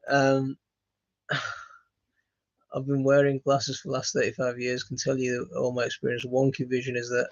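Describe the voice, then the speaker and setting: Gravelly man, halting chat. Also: mid-range voice, dry recording. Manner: halting, many fillers and restarts, friendly "mate". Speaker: gardening channel host reading live chat. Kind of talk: casual live-stream chat. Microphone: phone. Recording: dry, dull lo-fi phone audio.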